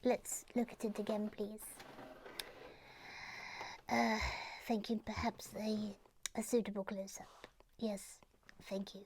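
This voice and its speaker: A woman's voice: mid-range voice, flat delivery, slow pace, long pauses, a little mellow, slight background noise, natural voice. A woman voicing a small, polite and fussy female toy figure in a chirpy, slightly pompous manner. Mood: hushed.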